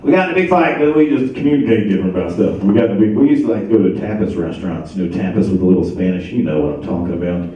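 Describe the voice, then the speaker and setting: A man's voice: sits low, expressive, racing, hardly any pauses, dark tone. A man in his thirties from Ohio doing a rambling stand-up set, working up to exasperated rants. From Ohio, USA. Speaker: stand-up comedian. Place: comedy stage at a charity show, live audience. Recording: echoey, distant, dull room recording.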